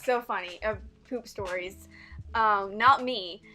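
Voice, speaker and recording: A woman's voice: medium pitch, slow pace, bright, forceful tone, soft background music. A teenage girl guest on a podcast, chatting casually and joking with a giggle. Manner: giggly, jokey. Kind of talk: casual chat.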